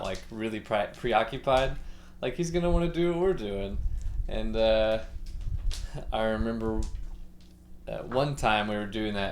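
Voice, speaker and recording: A musician livestreamer, a man, chatting casually and ramblingly while setting up his gear at home. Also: lowish voice. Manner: rambling, laid-back, many fillers. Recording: echoey room with faint background noise.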